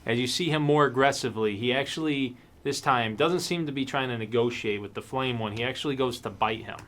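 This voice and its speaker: A man running a tabletop game as game master, casual and quick to laugh, swearing now and then. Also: medium pitch, a bit bright.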